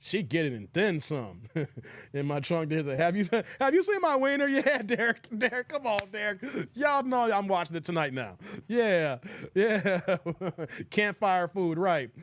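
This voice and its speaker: A man's voice: high voice, very animated, a little slow, dry recording. A man hosting a casual live stream, laughing often, thanking viewers and quoting movie lines. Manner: laughs often, shouts out chat donors, quotes movie lines.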